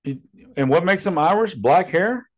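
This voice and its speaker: A man's voice: high voice, lively intonation, normal speed. Podcast guy, blunt and crude, voice jumps up and down a lot. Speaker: podcast co-host. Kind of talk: casual podcast banter.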